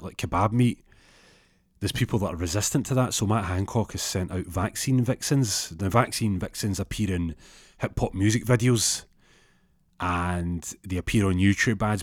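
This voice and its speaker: A man telling a rambling, absurd comic story in a deadpan way. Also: deep voice, dry recording, studio quality.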